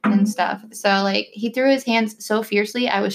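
A woman's voice: medium pitch, steady tone, moderate pace, gravelly. Chatty young woman with constant fillers. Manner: chatty storytelling, constant "like" fillers, acts out quotes. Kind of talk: casual chat.

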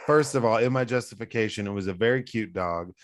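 A man's voice: on the low side, fast talker, slight background noise. A man co-hosting a casual podcast chat, joking around in a loose way with lots of filler words.

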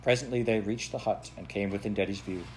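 A man narrating a children's classic aloud in a steady, plain storytelling manner. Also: on the low side, quick pace, slight background noise. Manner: steady, plain storytelling with a few self-corrections. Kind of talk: audiobook reading of a children's classic.

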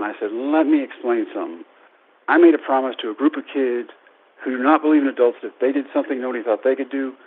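A man in his thirties telling a personal story in a speech, self-deprecating and animated. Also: mid-range voice. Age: 30s. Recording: tinny phone-like radio sound.

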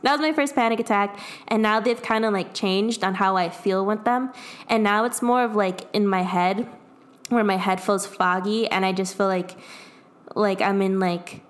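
A woman's voice: medium pitch, steady tone, normal speed. Young woman just chatting, kinda rambly, says like a lot and laughs between bits. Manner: rambling, lots of "like", laughs often. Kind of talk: casual chat.

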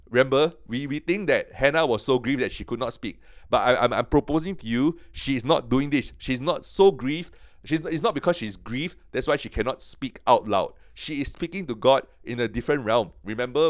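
Recorded cleanly in a studio with no echo, this medium-pitched man gives Bible teaching on a podcast. Eager and earnest, he keeps stopping to restart and repeat himself, building toward excited, emphatic delivery.

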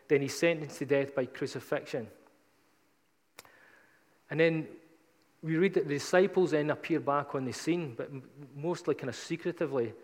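A man's voice: fairly high pitch, big-room sound. A man preaching a sermon, retelling scripture in a casual, conversational storytelling way.

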